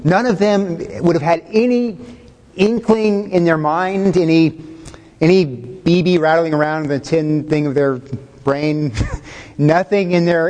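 A man preaching a sermon in a fairly high voice, in a loose, conversational way. He puts questions to his listeners and chuckles as he goes. A long echo trails his words through the hall. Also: darkish tone. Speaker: pastor.

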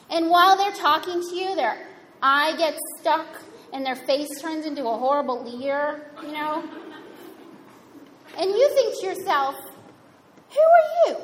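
A woman's voice: high-pitched, fairly bright tone. A woman giving a sermon in a conversational, wryly humorous way. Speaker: preacher. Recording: reverberant hall, faint room noise.

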